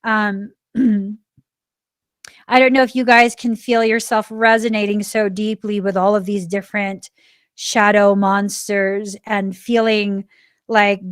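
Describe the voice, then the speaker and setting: A woman in her forties hosting a spiritual self-help podcast, talking earnestly and stressing key words, sometimes dropping to a soft, reflective tone. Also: mid-range voice, little pitch movement, slow pace, clean tone, no room sound, studio quality. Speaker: podcast host.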